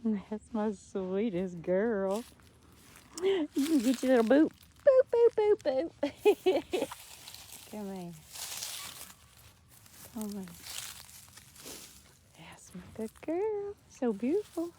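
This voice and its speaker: A woman's voice: a little high, sing-song, takes it slowly, long pauses, dark tone, slight background noise. A woman, cooing affectionate baby talk to cows outdoors on a farm, recorded on a handheld phone. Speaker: farmer. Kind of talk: casual talk to animals.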